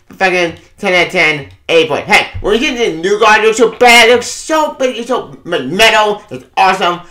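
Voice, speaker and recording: A man giving a casual comic book review, excitable, swearing a lot and laughing often. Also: sits high, reverberant.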